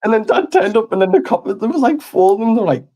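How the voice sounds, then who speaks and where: A man's voice: sits high, animated, fast, warm tone. A man telling a funny story on a podcast, swearing, laughing and acting out the quotes. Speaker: podcast host. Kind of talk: casual storytelling chat.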